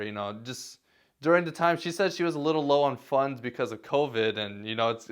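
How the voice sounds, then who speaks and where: Smooth-voiced man giving casual advice. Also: mid-range voice. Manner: self-deprecating, many fillers and restarts, chuckles. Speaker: vlogger. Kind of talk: casual talking-head advice.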